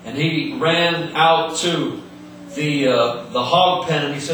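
A man's voice: on the high side, steady tone, measured pace, bright, forceful tone, a little hiss or hum. A man preaching a sermon in an earnest way, often repeating words and restarting, heard in an echoey hall from some distance.

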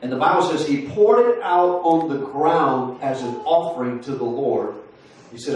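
A man's voice: mid-range voice, moderate pace, darkish tone. Folksy preacher man in his forties. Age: 40s. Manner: folksy storytelling with many fillers and restarts. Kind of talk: sermon. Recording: roomy far-off sound with faint noise.

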